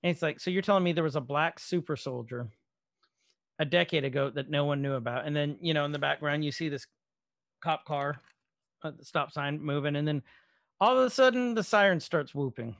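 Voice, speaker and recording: Podcast co-host, male, gravelly and slightly high, animated scene recaps, dry close sound. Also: fairly quick, no echo. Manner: animated retelling with quoted dialogue, swearing. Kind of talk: casual chat recapping a show episode.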